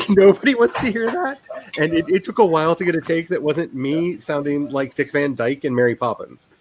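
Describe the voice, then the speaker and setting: A man's voice: fairly high pitch, animated, normal speed, slight background noise, rough recording. A man hosting a casual writing sprint livestream, rambling and self-deprecating and laughing often.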